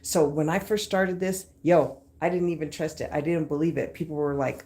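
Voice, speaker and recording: A woman's voice: low voice, fairly even intonation, moderate pace, hardly any pauses, warm tone. A woman in her thirties hosting a live stream and giving a casual motivational talk. She speaks emphatically, repeats phrases and mixes in slang.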